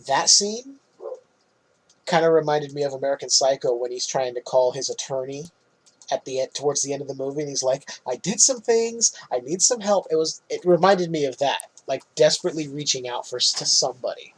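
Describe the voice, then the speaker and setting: A man's voice: medium pitch, fairly quick, slightly rough, rough recording. A man podcast co-host recapping a film in casual chat, loose and swearing, laughing often.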